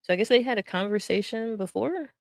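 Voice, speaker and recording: Animated woman laughing and swearing. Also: medium pitch, a little fast, creaky, no room sound. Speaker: stream co-host. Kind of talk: casual commentary on screenshots.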